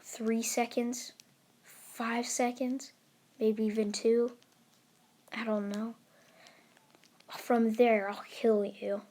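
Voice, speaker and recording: A woman voicing a cold, gruff young male hero who is easily annoyed, speaking low and quietly with menace, often in a whisper. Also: level tone, extremely slow, pauses often.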